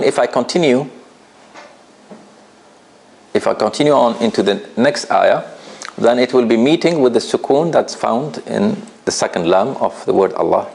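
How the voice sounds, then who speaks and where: A man teaching a recitation class in a relaxed, conversational way, often checking understanding with "right?" and putting questions straight to his students. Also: lowish voice, vocal fry. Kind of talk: classroom lesson.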